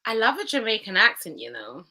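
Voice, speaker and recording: A woman's voice: medium pitch, very animated, brisk, bright, forceful tone. A young woman with a Bajan accent, chatting playfully and emphatically as an interview guest. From Barbados. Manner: playful, emphatic, bursts of laughter. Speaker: guest, soca artist. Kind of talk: casual interview chat.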